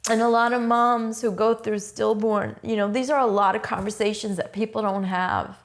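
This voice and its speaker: A woman's voice: medium pitch, steady tone, moderate pace. A middle-aged woman in an interview, telling a painful personal story in a raw, blunt way, swearing often and speaking with intensity.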